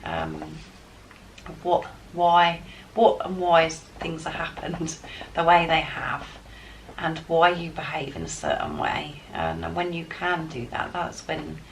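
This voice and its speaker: An enthusiastic woman reads tarot cards and gives spiritual guidance, talking straight to her viewers with a lot of excitement. Her voice sits on the low side and has a gravelly edge. The mic is some way off, and faint noise hums underneath her. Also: far from the mic, rough recording. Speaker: tarot card reader. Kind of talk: spiritual guidance reading to camera.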